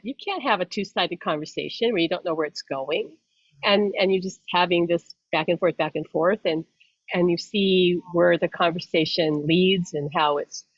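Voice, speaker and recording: A woman's voice: lowish voice, slightly rough, no room sound. A woman host and psychic medium talking casually, rambling and restarting her sentences, breaking into laughter often. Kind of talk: casual explanatory chat. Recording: dull dry lo-fi sound.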